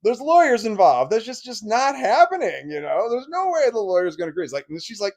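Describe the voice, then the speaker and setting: A middle-aged man telling a personal story in a casual, rambling way, with many restarts and short laughs, getting louder and higher as he gets worked up. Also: very animated, a little fast, hardly any pauses. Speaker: vlogger.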